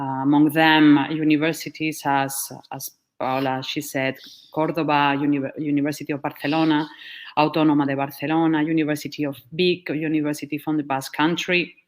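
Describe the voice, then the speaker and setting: A woman from Spain, giving a steady prepared speech for an organizing committee. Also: deep voice.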